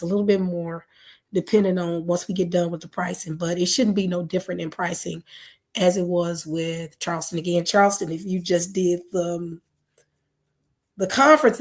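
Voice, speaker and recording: Lady, kinda low voice, going hoarse, rambly and casual with lots of uh and um. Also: a little mellow. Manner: rambling, many fillers and self-corrections. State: hoarse, losing her voice. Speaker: channel host. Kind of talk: casual talk to viewers.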